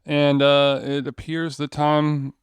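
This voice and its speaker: A man with a smooth, clear voice co-hosting a podcast in playful, quick-witted banter. The recording is close and dry. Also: on the high side, completely flat delivery, dry recording. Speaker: podcast co-host. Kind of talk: casual chat.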